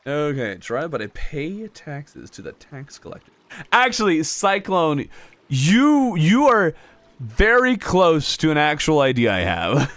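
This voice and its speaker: A man streaming a video game, chatting casually with his chat and laughing often in a jokey, animated way. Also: a little high, a little slow. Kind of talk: casual live-stream chat, reading chat aloud.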